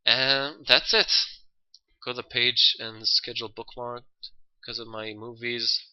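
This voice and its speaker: Young male streamer, bright crisp voice, loose profane chat. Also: medium pitch, flat delivery, unhurried, muffled recording. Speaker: livestream host.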